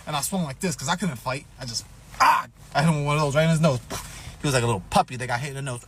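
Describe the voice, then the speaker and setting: A man's voice: on the high side, very fast, noisy background. A man telling a profane, comedic personal story, acting out what people said. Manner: animated, profane, acts out quotes.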